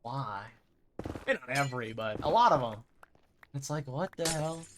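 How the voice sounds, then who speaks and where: Over a noisy background, a young man with an animated mid-range voice chats at a moderate pace while streaming a game. His gameplay talk is casual and rambling, with occasional sudden bursts of loud mimicry.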